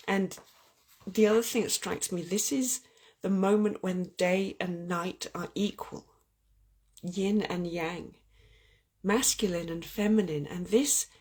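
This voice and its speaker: A woman's voice: mid-range voice, a little mellow, breathy edge. A woman hosting an earnest, heartfelt spiritual chat about love and oracle cards, often restarting her sentences. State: getting weepy. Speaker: spiritual channel host.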